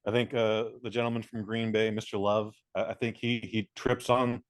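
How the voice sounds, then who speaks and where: Deadpan low-voiced male podcast co-host. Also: moderate pace, no echo. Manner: deadpan, rambling absurd storytelling with stammers. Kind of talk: casual chat.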